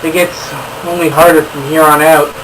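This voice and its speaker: A man's voice: a little high, flat delivery, normal speed. A man talking to the camera from his own room, venting with heavy swearing and stammering restarts. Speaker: game reviewer host. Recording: distant mic with hiss.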